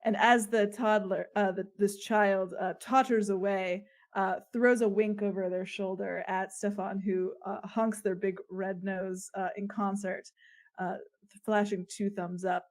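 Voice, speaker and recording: Brief: hesitant rambling woman improv narrator, mid pitch. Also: little pitch movement, measured pace. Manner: rambling, hesitant with many fillers. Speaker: improv storyteller.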